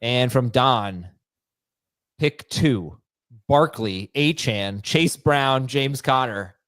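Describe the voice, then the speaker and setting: A man hosts a casual podcast panel, reading listener questions in a middle-pitched voice. He talks briskly and upbeat and pushes back when he disagrees. The sound is dry and close. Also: expressive, fairly bright tone, dry recording. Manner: brisk, upbeat, argues his point.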